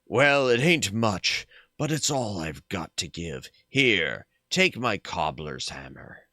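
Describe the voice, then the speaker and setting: A man voicing a folksy, elderly cobbler in a slow, low drawl. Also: big pitch swings, pushed and bright, no echo, clean studio sound, full character voice. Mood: warm. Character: folksy old male cobbler, retiring.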